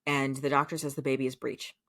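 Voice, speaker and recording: A woman's voice: very deep voice, level tone, quick pace, a bit bright. A woman podcast co-host from the United States, chatting casually as she recaps a show, swearing freely and leaning on fillers like "like" and "um".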